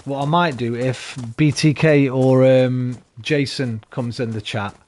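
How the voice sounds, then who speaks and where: A man's voice: mid-range voice, fairly even intonation, a little slow, darkish tone. A tired man chatting and rambling casually to his viewers while streaming a game. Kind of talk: casual live-stream chat while gaming.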